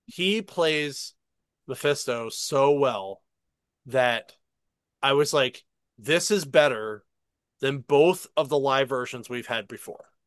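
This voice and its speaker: A man in casual podcast chat, retelling a show in an animated way and swearing freely. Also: mid-range voice, dry recording. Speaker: podcast co-host.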